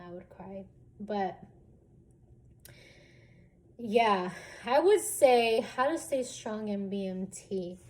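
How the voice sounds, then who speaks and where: Young woman vlogger, casual storytelling, slow unhurried delivery, chatty with plenty of fillers, faint room noise behind. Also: mid-range voice. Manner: chatty, animated, many fillers.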